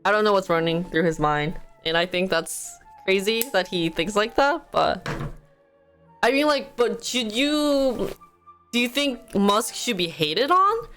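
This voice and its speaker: A woman's voice: mid-range voice, animated, unhurried, a bit bright, soft background music. A woman hosting a casual livestream, rambling and giggly, with lots of "like" in her talk. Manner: rambling, giggly, heavy use of "like". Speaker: livestream host.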